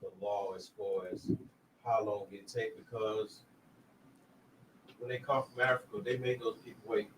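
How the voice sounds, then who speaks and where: A man on a casual podcast chat, speaking earnestly and rambling, often trailing off quietly. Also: fairly low pitch, level tone, a little slow, pauses often. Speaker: podcast guest. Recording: distant mic with faint background noise.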